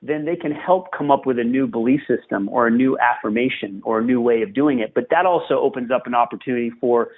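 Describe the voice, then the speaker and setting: A man's voice: medium pitch, fast talker, few pauses. A man, a tennis coach, giving earnest and emphatic advice as a podcast guest, repeating phrases for stress. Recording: tinny phone-like remote line.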